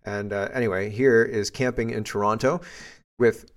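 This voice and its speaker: A man's voice: lowish voice, fairly even intonation, normal speed. A man hosting a podcast, commenting bluntly and with indignation on clips he plays. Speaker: podcast host.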